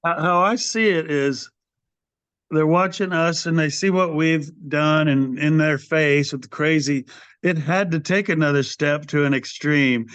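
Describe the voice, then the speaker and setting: Older male rocker guest, rambling raconteur, slightly high voice, dry and dull podcast audio. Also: unhurried, smooth, dry recording. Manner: animated storyteller, acts out quoted voices. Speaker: guest, metal band singer. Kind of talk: casual storytelling interview.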